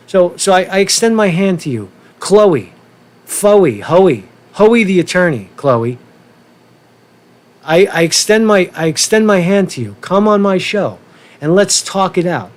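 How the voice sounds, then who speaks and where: A fairly high-voiced man hosting a livestream, getting worked up as he talks. He keeps restarting his sentences and repeating himself, drops the odd swear word, and calls on his viewers to respond. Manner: asks viewers for feedback, profane. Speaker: livestream host. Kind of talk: casual livestream rant.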